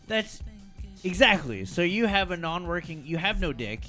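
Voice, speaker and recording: A man co-hosting a casual podcast, reacting quickly with rising emphasis. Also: high-pitched, very animated, pushed and bright, soft background music. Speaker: podcast co-host.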